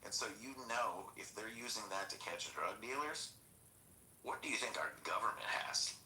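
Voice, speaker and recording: A low-voiced man with a sharp, forceful tone tells a winding story on a casual podcast. He jumps into quoted back-and-forth with real animation. The sound is roomy and echoey, with a faint hiss of noise underneath. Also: moderate pace. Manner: rambling, animated storytelling with crude quoted dialogue. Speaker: podcast host.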